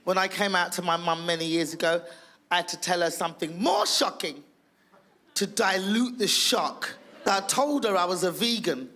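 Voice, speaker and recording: A woman from England, performing stand-up comedy as a comedian in a brash, profane way, acting out loud voices. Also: fairly low pitch, normal speed.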